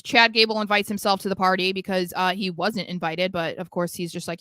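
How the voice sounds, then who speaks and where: A woman's voice: on the low side, level tone, fairly quick, bright, forceful tone, no echo. A young woman co-hosting a casual wrestling podcast, recapping the show with sarcastic, laughing asides. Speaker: podcast co-host.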